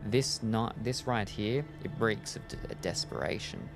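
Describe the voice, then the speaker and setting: A man playing a gravelly cynical vampire mentor. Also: on the low side, measured pace, over music. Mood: gruff, knowing. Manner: world-weary, clipped streetwise phrasing. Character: gruff streetwise male vampire mentor, cynical. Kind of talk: game dialogue read aloud.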